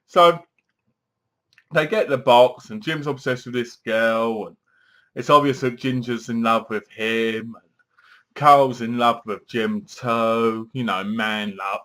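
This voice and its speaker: A man talks through a horror film in an easy, chatty way. He rambles, restarts his sentences and keeps reaching for filler words. His voice sits at an ordinary middle pitch. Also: fairly even intonation, slow, fairly bright tone. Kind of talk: casual spoken film review.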